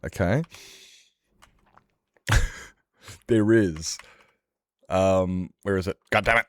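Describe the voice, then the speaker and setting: A man's voice: deep voice, creaky, darkish tone, dry recording, clean studio sound. A man streaming a game, rambling and joking as he talks back to his chat. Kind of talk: casual livestream chat while gaming.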